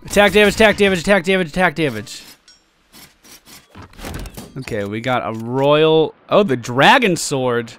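A man talks over his game in a casual, profane running commentary, his voice climbing into high, lively yelps whenever loot turns up. His voice sits a little high for a man. Faint game music plays underneath. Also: moderate pace, long pauses, clean tone. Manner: excitable, swears a lot, reacts loudly to loot. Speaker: let's play host.

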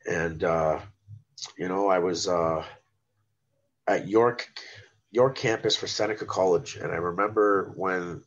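A man in his forties from Canada talks through his working life in a relaxed, chatty way, animated and quick to act out other people's lines. His voice sits low. The recording sounds somewhat dull and lo-fi. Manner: animated storyteller who acts out the people he quotes. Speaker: guest, rapper and former chef. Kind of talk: casual podcast storytelling.

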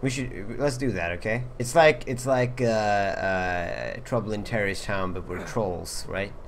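A young man chatting and trash-talking over a game, joking around and breaking into loud laughs. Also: on the low side, unhurried, a little hiss or hum. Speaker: gaming channel host. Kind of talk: casual gaming banter.

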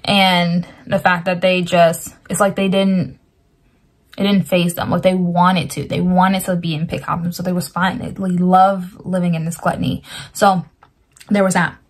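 A woman's voice: fairly low pitch, level tone, moderate pace. A woman casually retelling a dream, talking in loose, rambling sentences full of "like", and earnestly explaining its meaning with scripture. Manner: rambling, lots of "like" fillers. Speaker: Christian dream sharer.

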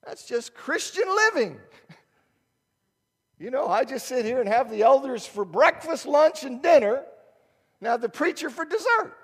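A man preaching in a church, his voice pitched high for a man and leaping up and down as he talks. He speaks conversationally, often stopping himself and firing rhetorical questions at the congregation. A long reverb hangs on his words. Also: unhurried, pauses often, husky. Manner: conversational, animated, self-interrupting with rhetorical questions. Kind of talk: sermon. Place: church sanctuary.

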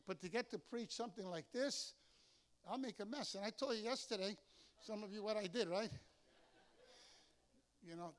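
An older man preaching a sermon as pastor, telling lively stories and acting out the voices of the people in them. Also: sits high, normal speed, pauses often. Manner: storytelling, animated, acts out voices in anecdotes. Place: church sanctuary.

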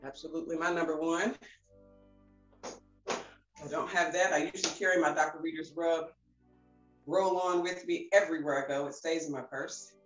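A woman's voice: low voice, fairly even intonation, moderate pace, pauses often, muffled recording. A woman leading a guided breathing session, bubbly and laughing often, a little out of breath. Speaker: wellness class leader. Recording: echoey room with faint music.

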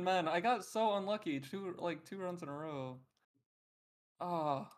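A man's voice: high-pitched, a little slow. A man, a speedrunner himself, chatting loosely about runs with lots of fillers and a resigned tone. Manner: rambling, resigned, filler-heavy. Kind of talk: casual commentary chat.

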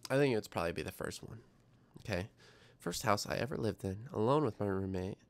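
Young guy reading chat on his science stream, kinda low and gravelly, rambly and self-deprecating. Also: lively intonation, a little fast. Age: young adult. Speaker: livestream science show host. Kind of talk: casual livestream chat.

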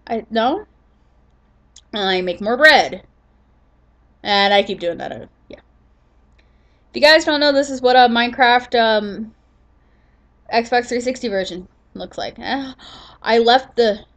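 A gaming channel host with a voice on the high side narrates her own gameplay footage in an unhurried, casual voice-over. Sleepy and yawning, she rambles with plenty of fillers and restarts.

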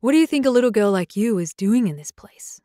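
A woman's voice: a little high, expressive, fast talker, mellow, dry recording, studio quality, lightly acted. A woman voicing a stern, curt young male werewolf alpha in an audiobook. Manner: curt, disapproving. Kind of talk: audiobook character voice.

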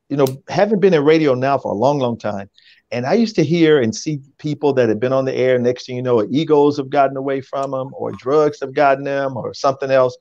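A man talking casually as a guest on a talk show, using his natural, relaxed speaking voice and laughing easily. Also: mid-range voice, no echo, highs cut off. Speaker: radio program director, guest.

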